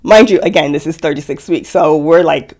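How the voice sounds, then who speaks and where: A woman's voice: low-pitched, fairly quick, a little mellow. A young adult woman telling an emotional personal story in casual conversation, full of "like" fillers and quoting herself and others. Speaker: guest sharing a personal story.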